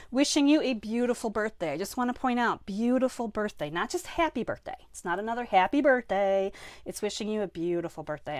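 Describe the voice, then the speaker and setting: Chatty craft teacher with a Maine accent. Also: female voice, medium pitch, no echo. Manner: chatty, enthusiastic, greets viewers by name. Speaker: card-making instructor. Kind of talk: live online craft class. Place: home craft room.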